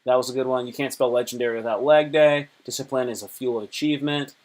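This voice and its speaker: A man's voice: medium pitch, fairly even intonation, fast talker, darkish tone. A man hosting a casual livestream, rambling in slang while reading posts aloud and joking. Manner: slangy, rambling, reads tweets aloud and jokes. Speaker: livestream host. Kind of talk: casual chat.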